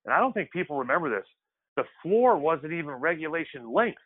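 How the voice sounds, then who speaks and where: Over a tinny, phone-like line, a man with a high-leaning voice talks fairly quickly and very animatedly. A former pro basketball player and interview guest, he reminisces in a casual storytelling style, loose and conversational, with frequent restarts.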